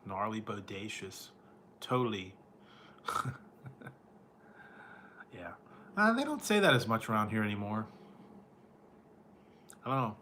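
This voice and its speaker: A man talks slowly and easily, as if hanging out with viewers on a late-night stream. His tone is bright and a bit pressed, he chuckles often, and he drops into playful stereotype voices. A faint hum of room ambience sits behind him. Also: lowish voice, huge pitch swings. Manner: laid-back, chuckles often, playful surfer-dude mimicry. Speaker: food vlogger chatting with viewers. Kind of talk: casual live-stream chat.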